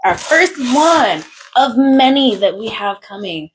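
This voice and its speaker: A woman co-hosting a podcast, chatty and playful, quick to jump in. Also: a little high, sing-song, a little hiss or hum, poor audio. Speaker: podcast co-host. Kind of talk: casual podcast chat.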